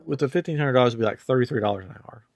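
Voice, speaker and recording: Male podcast host, mid pitch, dry booth sound, animated casual storyteller. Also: rapid-fire, no room sound. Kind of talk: casual chat.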